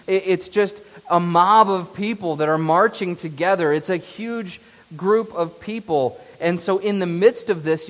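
A man's voice: high voice, in a large hall. A man preaching a sermon in an earnest, emphatic way. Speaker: pastor.

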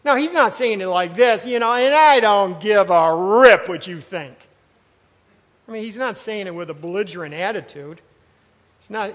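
A high-pitched man delivers a sermon as pastor, preaching in an emphatic, conversational way with asides and phrases repeated for stress. A long reverb tail suggests a church sanctuary.

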